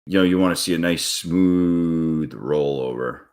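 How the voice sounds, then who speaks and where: A man's voice: very deep voice, a little slow, darkish tone. A man streaming his day trading live, talking viewers through chart moves in a casual, blunt way and swearing freely when a trade goes wrong.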